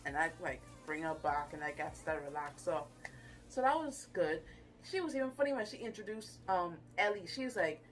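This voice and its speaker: A woman casually reviewing a TV episode on her channel, animated and gushing, with playful asides. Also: mid-range voice, normal speed, faint music behind. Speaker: YouTube reviewer.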